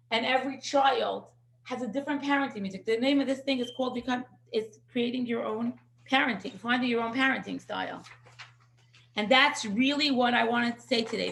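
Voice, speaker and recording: Lady teaching a parenting class, chatty storyteller, kinda high voice, echoey room. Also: gravelly. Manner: animated storyteller who acts out quotes and sprinkles in Yiddish words. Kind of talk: casual class talk.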